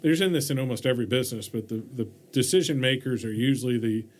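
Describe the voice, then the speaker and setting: A man's voice: mid-range voice, quick pace, a little hiss or hum. A man hosting a podcast, asking questions and telling stories in a chatty, rambling, jokey way. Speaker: podcast host. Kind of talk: casual podcast interview.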